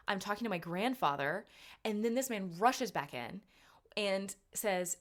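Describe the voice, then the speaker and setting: A woman hosting a podcast, telling a story in a casual, animated, self-mocking way, with her voice jumping up for punchlines. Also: medium pitch, measured pace. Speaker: podcast host.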